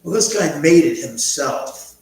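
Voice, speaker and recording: Speaking at a slightly slow pace, this middle-aged livestream host has an expressive, somewhat high, slightly mellow voice as he tells meandering stories and reads out viewer comments. He's captured from afar by a laptop mic in a big echoey room at home, leaving the sound very echoey and distant, with a faint hum.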